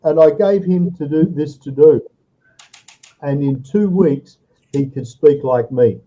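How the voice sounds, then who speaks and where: A man's voice: a little high, measured pace, mellow, highs cut off. A male English tutor in an online lesson, explaining patiently and checking in with "okay?" after each point. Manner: patient, tags sentences with "okay?" and "all right?". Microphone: video call.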